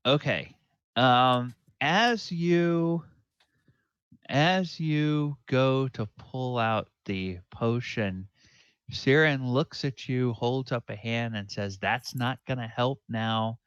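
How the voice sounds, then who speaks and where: A man narrating a tabletop game as dungeon master, halting and musing aloud. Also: mid-range voice, fairly bright tone, clear, resonant tone, no room sound, lo-fi sound. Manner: halting, many fillers and restarts, musing aloud.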